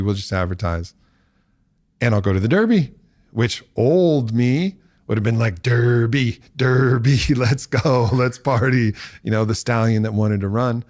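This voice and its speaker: A man in his forties, a podcast guest, telling a story in casual talk and acting out quotes with big jumps in pitch. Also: darkish tone, no room sound, studio quality.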